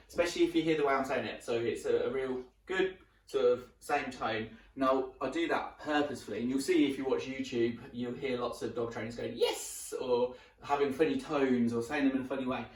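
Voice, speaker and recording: Male dog trainer, mid pitch, relaxed teaching delivery, picked up off-mic in a reverberant space. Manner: repeats a short marker word while explaining; relaxed, with fillers and restarts. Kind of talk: instructional demonstration. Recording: roomy sound from some distance.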